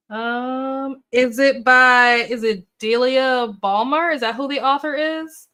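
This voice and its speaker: A woman's voice: sits high, fairly even intonation, slow pace, hardly any pauses, bright, forceful tone, clean tone. A woman hosting a casual book livestream, chatting with viewers, reacting to their comments with upbeat oohs and okays and thinking aloud with fillers. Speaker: booktube livestream host. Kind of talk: casual live chat with viewers.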